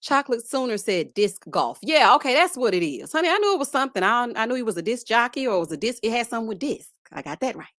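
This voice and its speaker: A sassy Southern woman chatting live with her viewers, her fairly high voice swooping up and down as she reads their comments. She talks to the audience as honey and child and breaks into loud laughs. The sound is dry and close to the mic. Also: quick pace, hardly any pauses, no room sound. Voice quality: lively, sassy, laughs loudly. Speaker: host. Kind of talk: casual live-stream chat reading comments.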